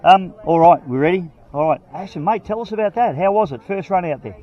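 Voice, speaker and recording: A man's voice: sits high, brisk. A man doing casual, joking trackside interviews with racers. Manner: jokey, laughing, matey. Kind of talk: casual post-race interviews. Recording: slightly dull lo-fi sound.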